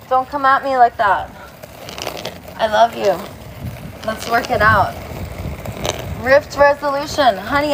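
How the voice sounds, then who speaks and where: A woman's voice: high-pitched, fairly bright tone, low-quality recording. A woman giving a rambling, playful monologue outdoors on a city street, now and then breaking into sing-song. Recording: street traffic noise behind. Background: passing cars.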